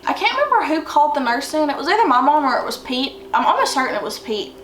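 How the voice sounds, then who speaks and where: A young woman tells a personal story in a loose, rambling way, leaning on fillers as she goes. Her voice sits a little high. The sound is roomy and echoey, picked up by a mic some way off. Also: big pitch swings, quick pace, fairly bright tone. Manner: chatty, rambling with many fillers. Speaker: vlogger. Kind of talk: casual storytelling. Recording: roomy echo, distant from mic, faint noise.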